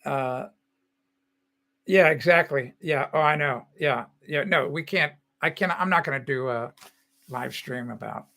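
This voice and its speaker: A man's voice: fairly high pitch, measured pace, pushed and bright. An older man hosting a casual live stream, telling rambling stories and laughing often. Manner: rambling storytelling with frequent laughs.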